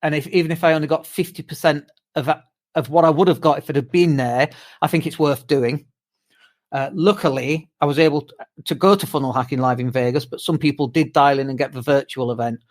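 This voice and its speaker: A British man co-hosting a podcast, chatting casually and tired from jet lag, telling animated stories with swearing and mimicked whoops. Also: on the high side, fairly quick. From United Kingdom. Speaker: podcast co-host. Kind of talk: casual chat.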